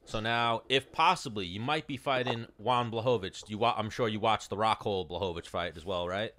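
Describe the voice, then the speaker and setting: A man's voice: lowish voice, sharp tone, a little hiss or hum. A man hosting a fight podcast, asking a guest questions and chatting about fights. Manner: quick questions, fight-talk. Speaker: podcast host, interviewer. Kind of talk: casual interview.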